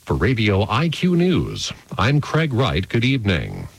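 A male radio news anchor reads the evening headlines in a steady, formal way. His voice is somewhat husky, and it swings lively up and down through each sentence. The recording is close and dry. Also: mid-range voice, no room sound, low-quality recording. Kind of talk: newscast reading.

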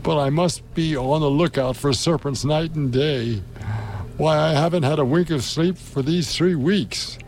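A man's voice: a little high, a little slow, darkish tone, voice pushed up. A man reading a storybook aloud, voicing an indignant female pigeon who shrieks and sneers about serpents. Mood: shrieking. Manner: shrieking, contemptuous, aggrieved. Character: shrill indignant female pigeon guarding her nest.

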